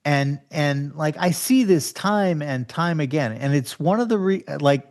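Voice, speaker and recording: A man hosting a podcast in animated, casual conversation, laughing often. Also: fairly high pitch, measured pace. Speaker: podcast host.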